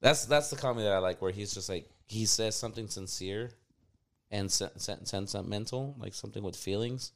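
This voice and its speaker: A man in casual chat who tells stories with energy, acts out quotes loudly and swears freely. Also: on the low side, fairly quick, vocal fry.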